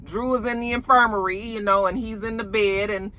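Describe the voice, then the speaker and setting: A woman casually recapping a TV episode in an animated, colloquial way, laughing often. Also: medium pitch, fairly quick. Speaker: TV episode reviewer.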